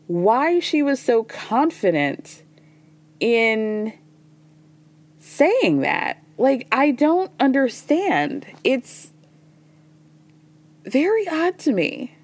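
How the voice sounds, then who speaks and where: With a high, sing-song voice, drawn-out words, and long pauses, she retells reality TV scenes on her recap podcast by voicing what people said. Her talk is chatty and profane, peppered with "y'all" and "girl."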